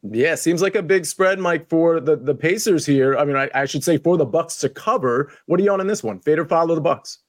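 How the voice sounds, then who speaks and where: A man hosting a sports betting panel, moving briskly from one guest to the next. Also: fairly high pitch, dry recording, clean studio sound. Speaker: show host.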